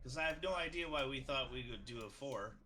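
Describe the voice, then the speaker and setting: A man's voice: mid-range voice, lively intonation, brisk, pushed and bright, a little hiss or hum. A man playing in a tabletop game who talks emphatically and rambles in casual chat. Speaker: player.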